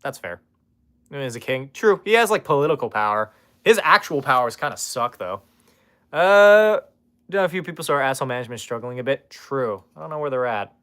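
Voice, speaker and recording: A man's voice: medium pitch, lively intonation, brisk, a bit bright, clear, resonant tone. Sarcastic man chatting on a live stream. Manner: sarcastic, roasting viewers, swears freely. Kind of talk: casual live-stream chat. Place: his own room.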